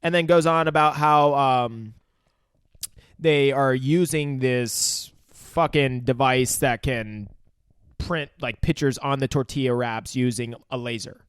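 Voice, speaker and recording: A man's voice: medium pitch, slow, smooth, no room sound, studio quality. A man casually recapping a film on a podcast, swearing, laughing and acting out the characters' lines. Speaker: podcast host. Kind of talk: casual movie recap chat.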